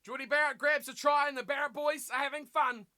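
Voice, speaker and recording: A man commentating live on a rugby match for his stream, animated and full of rhetorical questions, reading viewer chat aloud and answering it. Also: very high-pitched, fairly quick.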